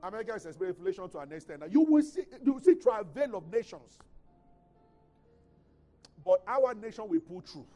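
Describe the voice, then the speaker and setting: A man with a Nigerian English accent preaching a sermon as pastor, swinging between loud, emphatic scripture reading and quiet, conversational asides. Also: high voice, big pitch swings, fairly quick, long pauses, faint music behind.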